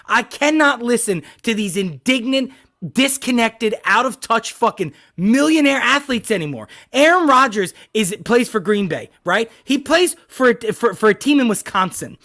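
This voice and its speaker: A man's voice: very high-pitched, bright, forceful tone. A man co-hosting a sports podcast, ranting in heated casual talk full of profanity and hard emphasis.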